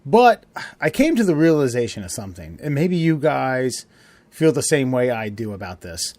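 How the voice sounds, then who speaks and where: Guy hosting a podcast, rambly and sweary, laughs a lot, mid pitch, dry sound. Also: very animated, normal speed, darkish tone, no echo. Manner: rambling, profane, laughs often. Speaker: podcast host. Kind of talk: casual podcast chat.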